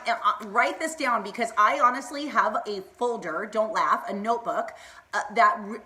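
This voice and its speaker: Bubbly, fired-up woman live-streaming. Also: a little high. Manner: bubbly, excitable, laughs often, greets viewers by name. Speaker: motivational vlogger hosting a live stream. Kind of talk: casual live-stream pep talk.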